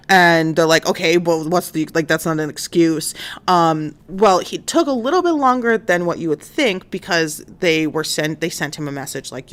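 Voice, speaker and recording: A woman with a low-pitched voice, speaking at a normal speed, hosts a livestream and retells a crime story as a casual true-crime recap. She's chatty, uses many fillers and acts out the quotes.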